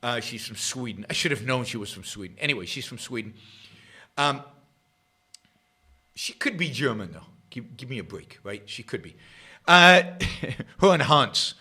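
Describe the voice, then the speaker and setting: A middle-aged man hosting his own show, giving sarcastic political commentary that swings between loud jabs and muttered asides. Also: mid-range voice, lively intonation, moderate pace, pauses often, slightly rough. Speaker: podcast host.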